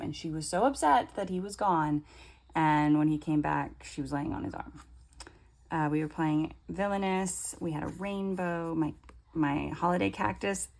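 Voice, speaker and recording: A woman's voice: on the low side, gravelly, a little mellow. A woman in her thirties chatting casually at home as she flips through her planners, rambling with fillers and restarts. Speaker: planner vlogger.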